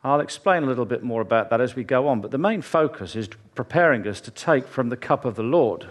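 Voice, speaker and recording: A man's voice: medium pitch, animated, brisk. A man preaching a sermon in church, telling chatty, jokey stories with asides to the congregation.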